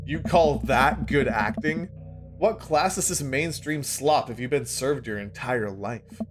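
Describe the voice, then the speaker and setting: A man's voice: medium pitch, takes it slowly, close to an everyday voice. A man voicing a brash, film-loving middle-aged dad who lectures in a blustery way, with music playing behind. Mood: lecturing.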